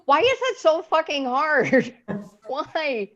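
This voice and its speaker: A woman's voice: high-pitched, big pitch swings, slow, fairly bright tone, muffled recording. Chatty self-deprecating female comic. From Eastern Europe. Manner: self-deprecating, chatty, laughs between lines. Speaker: stand-up comic. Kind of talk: stand-up routine.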